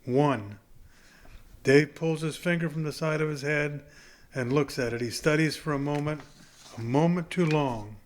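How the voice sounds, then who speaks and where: A man reading a novel chapter aloud in a plain, unhurried way. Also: on the high side, a little hiss or hum. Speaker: audiobook reader.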